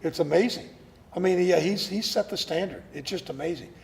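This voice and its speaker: A man talks as an actor guest in an interview, telling animated stories. His voice sits high and has a gravelly edge. He often repeats words as he starts a sentence, and a long reverb trails behind him. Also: brisk. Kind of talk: casual interview chat.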